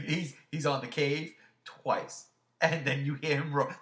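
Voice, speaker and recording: A man hosting a casual podcast chat, talking emphatically and excitably, with some swearing. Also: fairly high pitch, slow pace, reverberant. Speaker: podcast host.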